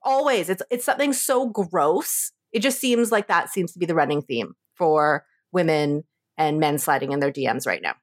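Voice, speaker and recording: A woman co-hosting a casual podcast chat, animated and slangy, swearing freely. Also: sits low, normal speed, dry recording, studio quality. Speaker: podcast co-host.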